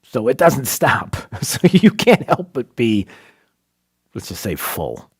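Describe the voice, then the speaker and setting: A man's voice: medium pitch, wildly swooping pitch, takes it slowly, breathy edge. A man hosting a talk radio show, asking rhetorical questions and pressing his points with emphasis. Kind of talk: opinionated talk radio monologue and banter.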